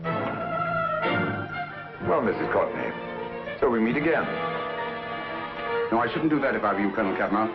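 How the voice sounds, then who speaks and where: An actor playing a calm, dryly witty male master detective in 1940s film acting, crisp and ironic in manner. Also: medium pitch, unhurried, long pauses. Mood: cool, ironic. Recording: dull old film soundtrack with music.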